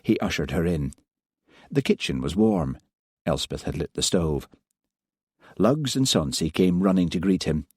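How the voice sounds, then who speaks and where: A man narrating an audiobook in a measured, even way. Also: deep voice, husky, no echo, clean studio sound. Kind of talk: scripted narration.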